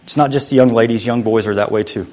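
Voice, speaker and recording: A young adult man preaching a sermon as a youth pastor, in a conversational, joking way that sometimes drops to a quiet voice. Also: medium pitch, steady tone, fast. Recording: muffled lo-fi sound.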